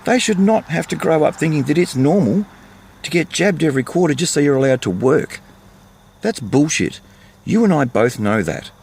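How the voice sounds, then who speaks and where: A man's voice: a little high, animated, normal speed, creaky, darkish tone, breathy edge. An older Australian man giving a fired-up, blunt, repetitive rant to camera from his vehicle while on the road. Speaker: vlogger. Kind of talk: impassioned monologue to camera.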